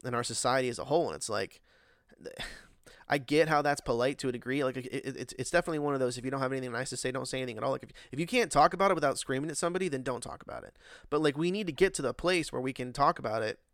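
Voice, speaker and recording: A man talks in a loose, profane monologue, circling back with fillers as his exasperation builds. His voice has a gravelly edge and sits mid-range. The recording is close and dry, with no room sound. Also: mid-range voice, very fast, fairly bright tone, no room sound. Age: adult, working. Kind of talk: casual monologue rant.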